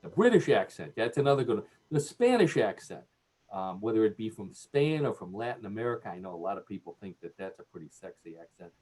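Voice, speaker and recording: A man's voice: fairly low pitch, big pitch swings, fast talker, darkish tone, slightly rough. A man with a Cleveland accent hosting a radio show, joking and laughing at his own jokes. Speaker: radio host. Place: radio studio.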